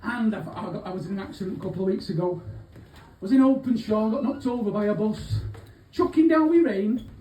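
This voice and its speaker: A cheeky, rambling old-school crook, as a man puts him on for a live comedy set, full of swearing and asides in a mellow voice. He sounds far from the mic in an echoey room with faint hubbub behind. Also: high-pitched, fairly quick, slight background noise, natural voice. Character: aging small-time male Manchester thief, cheeky. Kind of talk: live stand-up character monologue. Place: pub gig venue.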